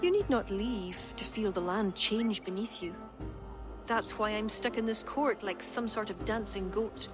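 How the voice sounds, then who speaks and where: A woman's voice: mid-range voice, measured pace, close to an everyday voice. An actress with an Irish accent voicing a proud, witty woman court poet who speaks in a teasing, lilting way, with game music behind.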